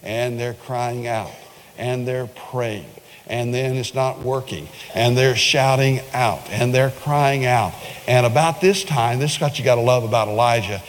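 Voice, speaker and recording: A man preaching a sermon, telling a Bible story with lively, dramatic delivery. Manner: animated storytelling, jumps high when acting out scenes. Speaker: pastor. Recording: reverberant hall.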